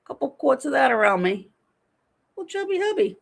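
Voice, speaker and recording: A woman's voice: high-pitched, sing-song, normal speed, gravelly. A woman in her fifties hosting a casual livestream from home, chatting animatedly and reading viewer comments aloud. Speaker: livestream host.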